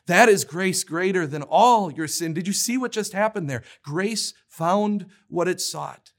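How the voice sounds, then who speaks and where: A man's voice: high-pitched, unhurried. A man preaching a sermon in an earnest, emphatic way, often restarting his words as he pushes a point home. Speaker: pastor.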